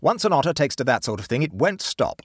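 A man reading aloud, voicing an agitated, indignant country gentleman in a story. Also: medium pitch, very animated, quick pace, husky, no echo, clean studio sound, voice pushed up. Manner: indignant, fuming.

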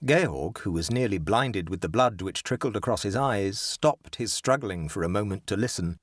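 A man narrating a story in a measured storytelling delivery. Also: fairly low pitch, animated, no echo, studio quality. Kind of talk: scripted narration.

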